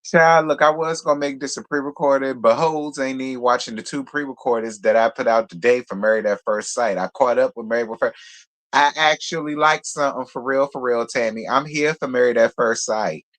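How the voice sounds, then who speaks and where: Male gossip host, mid-pitched, sassy and slangy, just woke up and sounds a little groggy. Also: fairly even intonation, brisk, a bit bright. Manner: sassy, greets viewers by name, slangy. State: groggy from a nap. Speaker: celebrity gossip channel host. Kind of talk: casual livestream chat.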